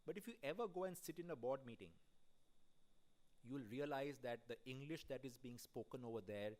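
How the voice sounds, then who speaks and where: A man's voice: mid-range voice, brisk, a little mellow. A man giving a conference keynote in a conversational way, putting questions straight to the audience in the hall. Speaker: keynote speaker at an audit conference.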